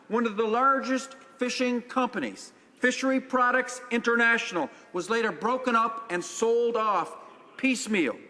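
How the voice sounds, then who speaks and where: A man's voice: very high voice, sharp tone. A man from Newfoundland and Labrador, a member of parliament, giving an emphatic debate speech full of rhetorical questions and repeated phrases in a large legislative chamber. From Newfoundland and Labrador, Canada. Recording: reverberant chamber sound.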